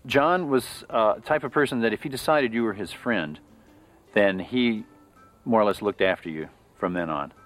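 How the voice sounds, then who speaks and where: A man's voice: on the low side, fairly bright tone, faint music behind. A man in an interview, sincerely describing a loyal friend. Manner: sincere, halting. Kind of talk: reflective interview.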